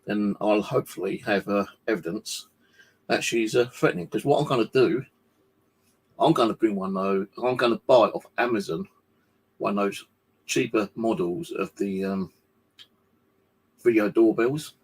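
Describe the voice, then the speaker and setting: A husky, somewhat low-voiced man vents from his flat in a loose, rambling monologue. He swears freely and sounds fed up with the people around him. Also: normal speed, long pauses. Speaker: vlogger. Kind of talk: casual monologue to camera. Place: home flat indoors.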